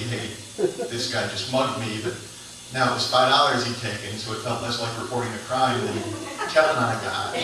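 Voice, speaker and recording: A man doing a stand-up set on a comedy club stage, telling a story in a dry, understated way. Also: on the low side. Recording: echoey club from a distant mic with noise.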